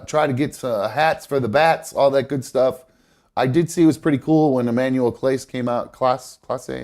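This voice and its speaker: A man's voice: mid-range voice, a little mellow. A man hosting a live show, chatting casually about baseball with lots of fillers and restarts, his nose stuffed up. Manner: rambling, many fillers and self-corrections. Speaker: host.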